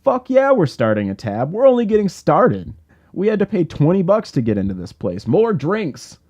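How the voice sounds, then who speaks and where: A man voicing a brash, hard-drinking young man who shouts his lines boisterously, in an audiobook. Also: fairly low pitch, lively intonation, normal speed, close to an everyday voice. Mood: rowdy.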